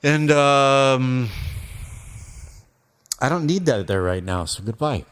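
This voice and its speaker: A man's voice: medium pitch, expressive, slow pace, fairly bright tone, clear, resonant tone. A man talking casually through his mixing session on a live stream, rambling and thinking aloud with a self-deprecating streak. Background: faint music playback from his mix.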